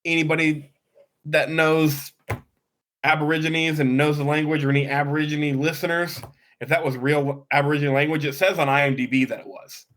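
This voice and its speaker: A man's voice: fairly high pitch, little pitch movement, a little fast, fairly bright tone. Casual podcast host man, reading trivia. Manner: reads trivia, swears casually. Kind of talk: casual movie podcast chat.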